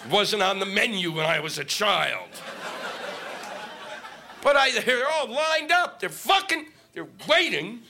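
A man's voice: sits high, big pitch swings, takes it slowly, long pauses, sharp tone, a little hiss or hum. A middle-aged male stand-up comic on stage, ranting in a sarcastic, profane way. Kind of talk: stand-up comedy set. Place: comedy stage before a live audience.

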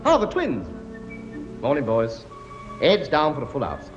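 A man's voice: medium pitch, huge pitch swings, measured pace, muffled recording, music in the background. A man playing a bossy, boastful comic king in a sitcom, blustering and scolding in a chummy way. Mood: brusque. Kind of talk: sitcom acting before a laughing audience.

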